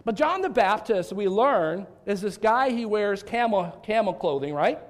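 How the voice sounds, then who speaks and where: A male pastor preaching a sermon, animated and talkative, with frequent restarts and rhetorical questions to his congregation. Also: sits high, normal speed.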